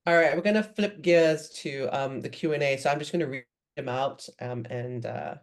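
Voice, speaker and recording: A woman's voice: sits low, moderate pace. A woman moderating an author interview over a video call. She reads out audience questions and chats in a bubbly, enthusiastic way.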